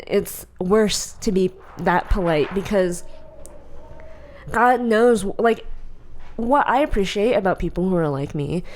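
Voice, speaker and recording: A woman co-hosting a podcast in casual chat, blunt and opinionated, telling stories in an animated way. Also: mid-range voice. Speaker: podcast co-host.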